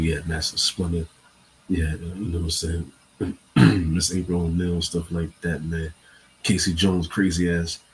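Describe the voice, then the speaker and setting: Young man, very low voice, loose slangy rambling, swears a lot, host talking solo. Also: a little hiss or hum, low-quality recording. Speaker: show host. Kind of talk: casual solo talk.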